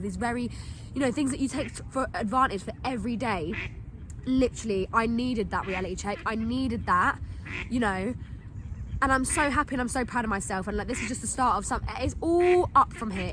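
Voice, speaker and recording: A woman's voice: on the high side, a bit bright, a little hiss or hum. A young woman hosting a podcast tells a story in a chatty, heartfelt way, saying "like" and "literally" again and again. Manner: chatty, gushing, full of "like" and "literally"; emotional, heartfelt. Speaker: podcast host. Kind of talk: casual storytime monologue.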